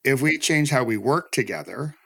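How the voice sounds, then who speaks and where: A man's voice: mid-range voice, lively intonation, moderate pace, gravelly, fairly bright tone, slightly rough, no room sound. A man hosting a podcast interview, reflective and earnest, talking in long flowing thoughts. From United States. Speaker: podcast host. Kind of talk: conversational interview.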